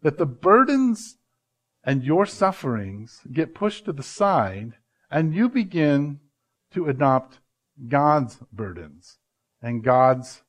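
A man, a pastor, preaching a sermon with emphatic swings from loud to hushed and slowing down to stress words. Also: mid-range voice.

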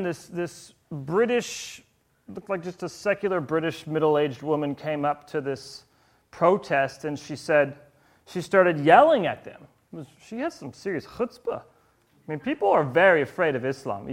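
Male preacher, high voice, animated, quizzes the congregation with rhetorical questions. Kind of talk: sermon.

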